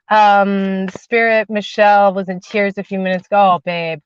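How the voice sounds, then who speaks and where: A woman hosting a spiritual livestream and reading tarot, talking casually and warmly to viewers, repeating phrases for emphasis. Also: medium pitch, measured pace, clean tone. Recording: dull, lo-fi, dry livestream audio.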